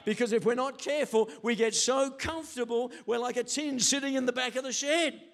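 A man's voice: very high voice, a little fast, vocal fry. An older man preaching a sermon as pastor, telling stories animatedly and acting out quotes. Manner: animated storytelling with acted quotes.

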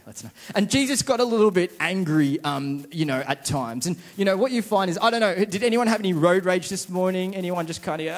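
A young man, preaching a casual, chatty, self-deprecating sermon and acting out inner voices. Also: sits high.

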